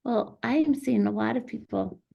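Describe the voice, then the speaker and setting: A woman's voice: fairly high pitch, moderate pace, gravelly, highs cut off. A woman co-hosting a video call, making light, teasing asides. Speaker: co-host. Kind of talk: casual chat on a video call.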